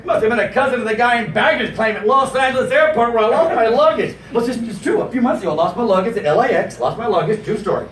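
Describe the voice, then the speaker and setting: High-voiced animated stand-up comedian. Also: male voice, fast talker, hardly any pauses. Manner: animated, jumps into exaggerated character voices. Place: comedy stage before a live audience. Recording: roomy venue sound from a distance.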